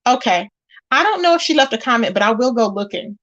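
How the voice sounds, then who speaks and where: A high-pitched woman hosting a gossip livestream in a casual, talkative way. She stays emphatic and greets her viewers by name between points. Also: lively intonation, fast, a bit bright, lo-fi sound. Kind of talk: casual live-stream chat.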